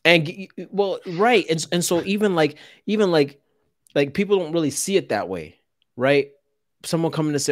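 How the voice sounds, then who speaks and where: Animated, emphatic podcast co-host man. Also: on the high side, moderate pace, dry recording, clean studio sound. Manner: animated, rhetorical, repeats words when worked up. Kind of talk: podcast conversation.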